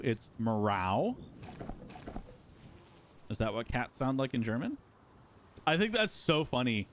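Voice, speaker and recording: A man with a medium-pitched voice hosts a live stream, joking around casually and chatting with his viewers as he plays. There's a faint hiss or hum in the audio.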